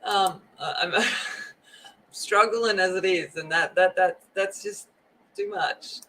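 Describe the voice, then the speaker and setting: A woman's voice: fairly low pitch, takes it slowly, fairly bright tone, slight background noise, rough recording. A woman hosting a coloring livestream, chatting casually and greeting viewers by name. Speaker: livestream host. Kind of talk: casual chat while coloring.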